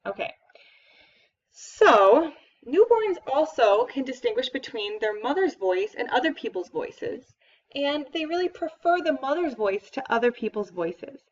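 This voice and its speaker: A woman's voice: high-pitched, sing-song, unhurried. A woman professor giving a lecture, explaining in a conversational way with occasional fillers. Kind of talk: recorded lecture. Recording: dull, distant lecture recording.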